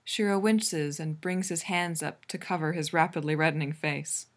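A woman reading a fan fiction story aloud in a calm, even narrating voice. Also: sits low, moderate pace. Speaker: reader.

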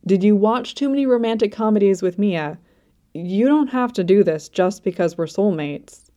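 A woman's voice: medium pitch, expressive, normal speed, dark tone, dull audio, lightly acted. A woman reading a flustered anxious young man. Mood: exasperated. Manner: flustered, pleading.

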